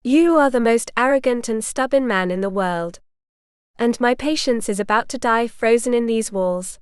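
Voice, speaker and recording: A woman voicing a proud, stubborn young noblewoman who speaks indignantly and with a sharp tongue. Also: a little high, moderate pace, clean tone, dry recording, studio quality, lightly acted.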